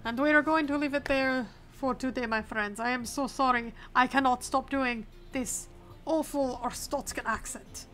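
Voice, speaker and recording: A woman's voice: high voice, steady tone, moderate pace, fairly bright tone. Woman putting on an officious border inspector, mock accent. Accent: put-on mock accent from the game's fictional country. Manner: formal, clipped officious phrasing. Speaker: gaming host. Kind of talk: playing a game in character.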